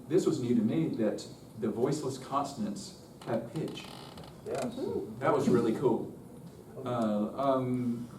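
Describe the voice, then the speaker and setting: A man's voice: mid-range voice, warm tone, a little hiss or hum. A man leading a live choral workshop, chatty and self-interrupting, breaking off now and then to sing short demonstrations. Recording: roomy distant live room recording.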